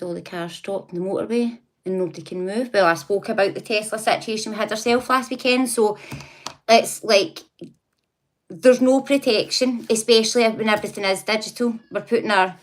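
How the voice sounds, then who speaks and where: A woman hosting a casual livestream, chatting, laughing often and talking back to her viewers. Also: mid-range voice. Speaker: livestream host.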